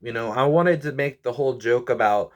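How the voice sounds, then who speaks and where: A man's voice: medium pitch, fairly quick. A man in his twenties venting to his viewers, rambling, stressed and weary, with frequent sighs and apologies. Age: 20s. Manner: frustrated, rambling, sighing, apologetic. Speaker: YouTuber and comedian. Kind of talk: venting vlog to camera.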